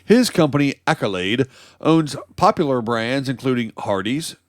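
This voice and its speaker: A man's voice: mid-range voice, lively intonation, normal speed, dry recording, studio quality. A man from the United States co-hosting a comedy podcast, reading news stories aloud and adding sarcastic mock explanations. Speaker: podcast co-host. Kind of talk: casual comedy podcast banter.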